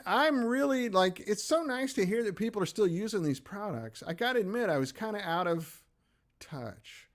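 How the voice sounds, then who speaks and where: A middle-aged American man hosting a livestream, chatting loosely and self-deprecatingly as he answers viewer comments. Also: high-pitched. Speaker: livestream host. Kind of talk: casual chat reading viewer comments.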